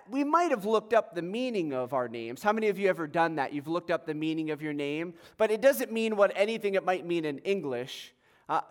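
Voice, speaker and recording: A male pastor with a tenor voice, preaching a sermon in a conversational way with light self-deprecating humor. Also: sits high.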